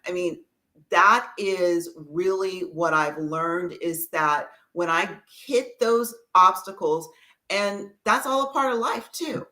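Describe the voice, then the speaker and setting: Slow-talking woman with a bright voice. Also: on the low side. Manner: slow and thoughtful, with self-corrections. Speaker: author and filmmaker guest. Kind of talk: reflective interview answers.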